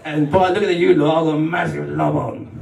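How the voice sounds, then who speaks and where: A man's voice: on the high side, fairly even intonation, brisk, vocal fry, darkish tone, slight background noise. A man doing a live stand-up set, crude and self-deprecating, bantering with the crowd. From England. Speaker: stand-up comedian. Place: comedy night in a club function room. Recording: roomy live hall from far off.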